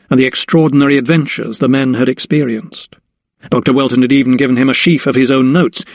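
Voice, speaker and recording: A man narrating an audiobook in measured storytelling, his voice at a middle pitch. The sound is dry and close, with no room around it. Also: no echo. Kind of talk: scripted narration.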